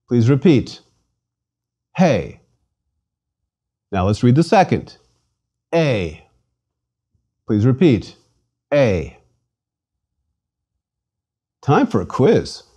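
A man teaching a scripted lesson at an unhurried pace, spelling words letter by letter and pausing for listeners to repeat. His voice is mellow and rises and falls in a lively way. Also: mid-range voice. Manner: slow, patient, enunciates each letter and syllable. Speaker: language instructor.

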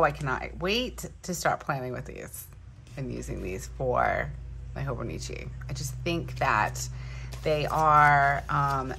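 Low-voiced excitable woman vlogger. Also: vocal fry, slight background noise. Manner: excitable, gushing, thinks aloud. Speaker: planner vlogger. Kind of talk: casual unboxing chat. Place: home room.

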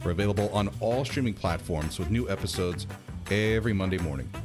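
A man's voice: low voice, a little fast, over music. A male podcast host giving a formal, polished sign-off. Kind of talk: podcast interview and outro.

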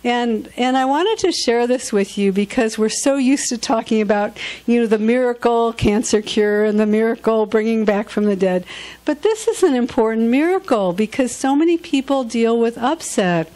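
A woman's voice: fairly high pitch, lively intonation, moderate pace. A woman minister telling healing testimonies to a church gathering, storytelling with frequent restarts and repeated words. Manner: warm storytelling with repetitions and restarts.

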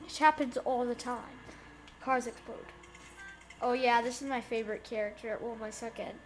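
A woman giving casual gameplay commentary, giggling, getting excited and talking to the characters on screen. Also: a little high, moderate pace, soft background music. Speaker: let's play gamer.

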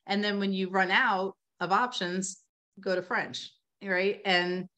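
A woman speaking in a casual webinar conversation over a video call, chatty and animated, full of "you know" and "like" as she explains reading instruction. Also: mid-range voice, takes it slowly.

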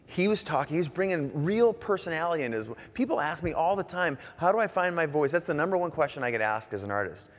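A man giving a casual, animated conference talk on stage, joking and sometimes swearing as he goes. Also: on the high side, fast talker, hardly any pauses. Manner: casual, animated, jokey, swears now and then. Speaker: conference speaker, artist. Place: large conference hall on stage. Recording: long hall reverb.

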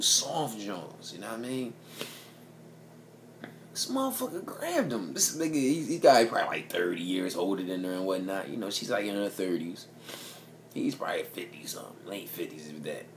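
Low-voiced man rambling through a story. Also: slight background noise. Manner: profane, rambling, keeps asking "you know what I mean". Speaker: vlogger telling a story. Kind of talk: casual storytelling.

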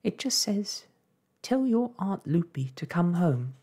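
A man voicing a timid young borrower girl in a soft-spoken ASMR storybook reading, hesitant and breathy. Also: high-pitched, very animated, slow pace, pitched above the performer's own voice, full character voice.

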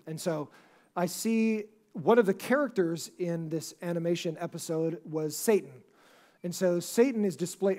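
A man's voice: high voice, a little mellow. A man preaching a sermon as pastor, talking conversationally with many restarts and asking the congregation questions. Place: church service before a congregation.

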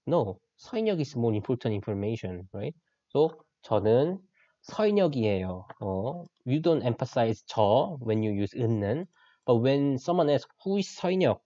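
A man's voice: medium pitch, very animated, fast talker, mellow, no echo, highs cut off. A man with a Korean accent, a native Korean speaker, teaching an online language lesson and patiently repeating key phrases.

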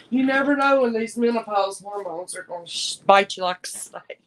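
A woman's voice: medium pitch, normal speed, few pauses, low-quality recording. Brief heartfelt woman in her fifties. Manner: heartfelt, chatty, talks straight to viewers. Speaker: live-stream jewelry seller. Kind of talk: casual live-stream chat to viewers.

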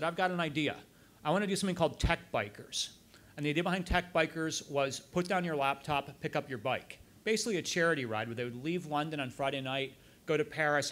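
A man giving a talk at a club event, telling anecdotes and quoting the people in them. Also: on the high side. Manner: anecdotal, quoting others in lively asides. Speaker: guest speaker. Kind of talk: storytelling talk.

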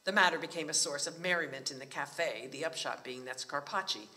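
A man reading a novel aloud at a library book talk, with a measured storytelling cadence. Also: on the high side, bright, forceful tone, big-room sound.

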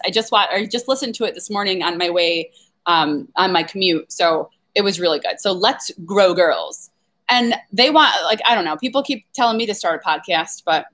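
A woman's voice: medium pitch, fairly bright tone. A woman flower farmer chatting on a casual live stream, reading viewer comments aloud and laughing often as she rambles.

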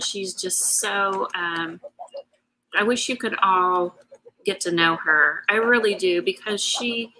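A woman hosting a craft show talks in a bright, forceful voice. Her chat to viewers is casual and heartfelt, and she rambles with emotion. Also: medium pitch, a little hiss or hum, rough recording. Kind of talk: casual live-stream chat.

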